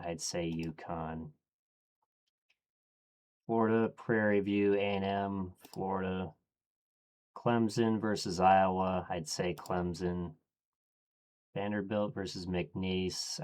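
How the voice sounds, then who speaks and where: Slow, low-voiced man muttering picks. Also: darkish tone. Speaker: streamer. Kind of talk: casual thinking aloud on stream.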